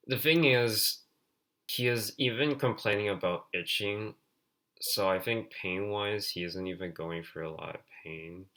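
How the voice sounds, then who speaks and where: A man's voice: fairly low pitch, a little slow, pushed and bright. A man streaming a game, reading its text aloud and commenting in a rambling way, full of filler words.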